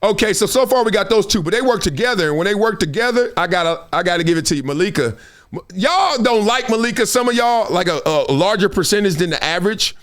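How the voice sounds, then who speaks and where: A middle-aged man hosting his own show, chatting casually in slangy, animated talk with frequent laughs. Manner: animated, slangy, laughs often, quick jumps in pitch. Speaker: show host. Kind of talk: casual chat.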